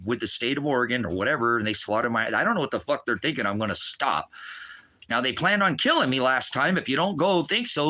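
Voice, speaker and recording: A middle-aged man preaching on a livestream, ranting in anger with constant swearing, swinging between shouting and low muttering. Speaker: ministry preacher. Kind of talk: angry livestream rant.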